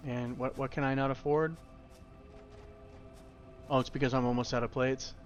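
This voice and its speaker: A man's voice: mid-range voice, little pitch movement, moderate pace, dull audio, faint music behind. A young man giving casual, rambling tutorial commentary while playing a factory-building game, with self-deprecating asides. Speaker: gaming YouTuber.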